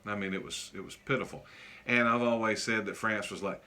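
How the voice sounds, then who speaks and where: A male teacher giving a casual classroom lecture, joking often and pausing on many fillers. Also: fairly low pitch, fairly even intonation, bright, forceful tone.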